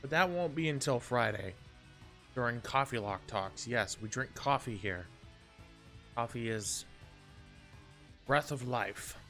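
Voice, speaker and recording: A man's voice: medium pitch, lively intonation, unhurried, pauses often, sharp tone. Male streamer, casual live chat, rambling and self-interrupting, faint guitar music underneath. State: a bit out of breath.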